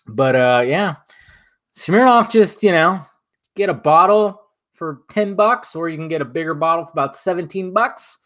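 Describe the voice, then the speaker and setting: A man's voice: a little high, lively intonation, moderate pace, fairly bright tone. Profane, casual male streamer. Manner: loose, profane, drinking while talking. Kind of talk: casual live-stream chat.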